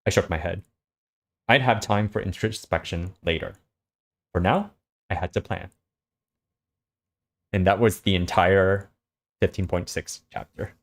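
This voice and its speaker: A man reading a story aloud and summarizing it in a relaxed way, with lots of fillers. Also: low voice, measured pace, gravelly, pauses often. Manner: relaxed, hesitant with many fillers. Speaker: host reading a web serial aloud.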